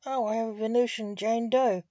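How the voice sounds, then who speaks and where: A woman's voice: on the high side, steady tone, normal speed, mellow, no room sound, muffled recording, natural voice. Dante, a morgue assistant read by a woman. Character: male magician assistant at a morgue.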